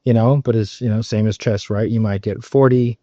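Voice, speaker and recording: A man's voice: on the low side, steady tone, fairly quick, warm tone, no room sound. A man coaching on sales in casual talk, emphatic and loose, with frequent fillers, swearing and "right?" tag questions. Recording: dull, slightly muffled recording.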